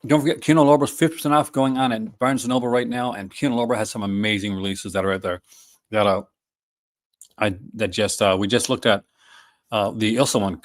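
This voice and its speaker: A man's voice: on the low side, fairly even intonation, brisk. A man hosting a casual live stream, talking enthusiastically with many fillers and restarts. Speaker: host.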